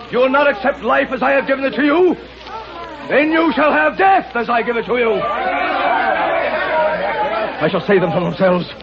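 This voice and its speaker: A man's voice: very high voice, lively intonation, normal speed, creaky, pauses often, dull audio, over a noisy crowd, full character voice. An actor playing a domineering, pompous madman who rules a valley, in 1940s radio acting. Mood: shouting. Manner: pompous, ranting, self-righteous. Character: domineering mad male valley ruler. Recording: scratchy old radio broadcast with hiss.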